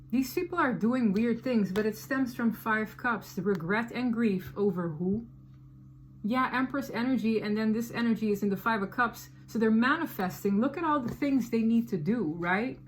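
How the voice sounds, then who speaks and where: A woman gives a casual tarot reading in a voice pitched a little high. She talks in an animated, slangy way and leans hard on her points. A faint hiss of background noise sits under her voice. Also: moderate pace. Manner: animated, slangy, emphatic storytelling. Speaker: tarot reader.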